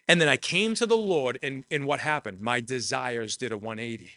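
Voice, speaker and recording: A man's voice: a little high, fast talker, few pauses, bright, forceful tone, no echo. A man preaching a sermon, earnest and personal, repeating phrases for emphasis. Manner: shares personal testimony.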